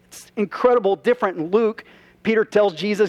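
A man's voice: high voice, fairly quick. A man preaching a sermon to his congregation as pastor, conversational, with rhetorical questions and asides. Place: church.

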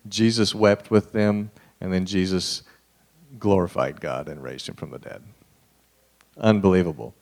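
Addressing a live group directly and informally, a man delivers a conversational sermon, lowering his voice to a hush when he wants to stress a point. His pitch is fairly low and he speaks at a normal speed.

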